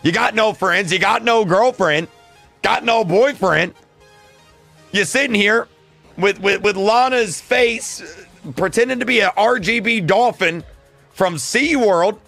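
A man's voice: sits high, unhurried, gravelly, sharp tone, faint music behind. A young man streaming a game, launching into a mock rant and roasting someone in chat. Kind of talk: gaming livestream chat.

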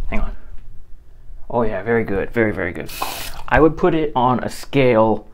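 A man chatting casually and laughing as he vlogs a shave. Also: medium pitch. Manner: laid-back, chuckling, rambling. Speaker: shaving vlogger. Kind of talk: casual vlog chat while shaving.

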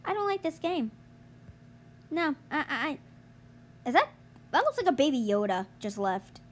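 A young woman commentating her gameplay, exasperated and groaning, yelling at other players to get out of her way. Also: high-pitched, very animated, normal speed, a little hiss or hum. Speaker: gamer streamer.

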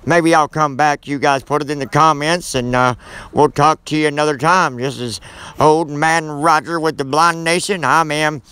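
A man voicing a blunt, cantankerous old man who talks gruffly and folksily, with mild cussing. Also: fairly high pitch, steady tone, moderate pace, sharp tone, no echo, pitched below the performer's own voice. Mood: folksy.

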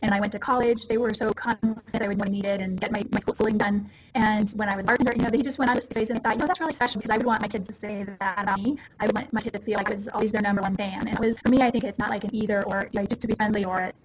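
A woman's voice: mid-range voice, steady tone, rapid-fire, hardly any pauses, crowd noise, poor audio. A woman in her forties, a parenting consultant, explaining things in a casual, earnest way and acting out little quotes as she goes. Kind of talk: casual interview talk. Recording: audible background noise.

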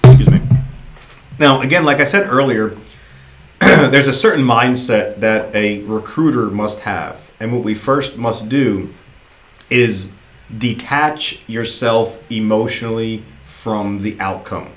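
A man's voice: on the low side, slow pace, reverberant. A man giving a casual, encouraging motivational training talk to new recruiters, often repeating himself for emphasis.

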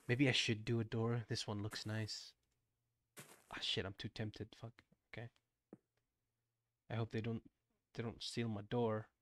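A man's voice: lowish voice, flat delivery. A young man streaming as a VTuber, chatting casually while playing a game with a friend. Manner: chatty, quick shifts between loud and soft. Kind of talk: casual gaming chat.

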